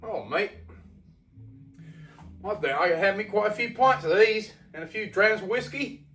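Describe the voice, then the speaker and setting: A cheery, boisterous British pub drinker, all hammy slang and good cheer, in a fairly high male voice. A man puts him on mid-review, clearly having a laugh. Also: lively intonation, unhurried, a bit bright, faint music behind. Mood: jolly.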